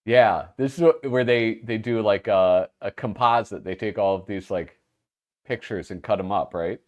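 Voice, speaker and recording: A man's voice: fairly low pitch, normal speed, a little mellow. A man with a Minnesota accent, hosting a podcast in casual, laughing banter. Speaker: podcast host. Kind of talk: casual chat.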